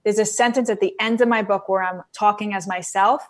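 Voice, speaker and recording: Chatty actress as interview guest. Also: female voice, medium pitch, steady tone, a little fast, few pauses. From Queens, New York. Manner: chatty, full of likes and restarts. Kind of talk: casual interview chat.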